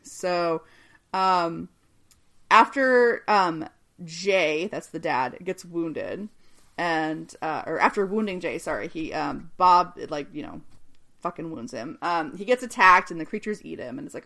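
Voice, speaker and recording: A woman's voice: fairly low pitch, expressive, slow, bright, forceful tone. A woman co-hosting a podcast, recapping a TV episode in casual chat, swearing often and laughing a lot. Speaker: podcast co-host.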